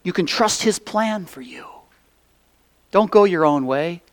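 A man delivers a sermon in a fairly high voice, unhurried and deliberate. He swings between loud, urgent pleading and soft, hushed near-whispers, drawing out his key phrases for emphasis. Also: lively intonation. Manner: preaching with drawn-out emphatic phrases. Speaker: pastor.

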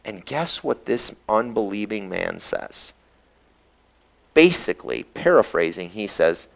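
A man preaching a sermon, retelling a scripture story with animated storytelling and briefly acting out the characters' voices. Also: on the low side. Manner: reads scripture aloud in a measured cadence.

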